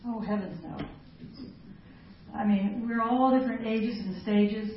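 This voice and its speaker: A woman's voice: mid-range voice, measured pace. A middle-aged woman gives a chatty, self-mocking talk to a women's group and laughs often as she goes. Her voice comes from a distance in a very echoey hall. The sound is dull and lo-fi, with a faint hiss behind it. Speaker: women's ministry speaker.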